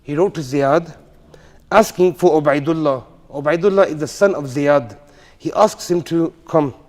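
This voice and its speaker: Male tajweed teacher, chatty and questioning, higher voice, long mosque reverb. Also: moderate pace, darkish tone. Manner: chatty, asks the class questions, slangy asides. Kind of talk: informal classroom storytelling. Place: mosque hall.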